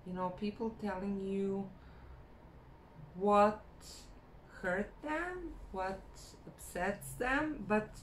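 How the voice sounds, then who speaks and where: Woman vlogger, frank self-help talk, slow and measured, roomy echo. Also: medium pitch. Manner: unhurried, frank, repeats phrases for emphasis. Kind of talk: casual motivational talk to camera. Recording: echoey room with faint background hum.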